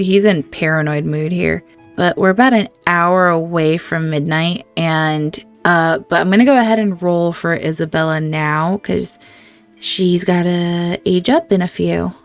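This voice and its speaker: A woman's voice: fairly low pitch, fairly even intonation, a little slow, faint music behind. A woman hosting a let's-play, chatting through the game and reacting emotionally to what happens on screen. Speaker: gaming channel host.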